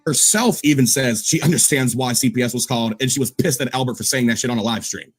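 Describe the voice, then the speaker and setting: A man's voice: mid-range voice, fast, slightly rough. A man on a livestream panel, confrontational and accusing in a heated argument. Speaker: panel guest.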